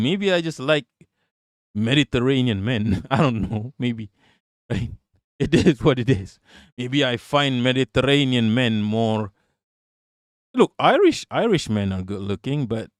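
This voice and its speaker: A man's voice: mid-range voice, no echo, studio quality. A man doing casual live-stream political talk and reading chat. He is blunt and profane, laughs often, and repeats himself.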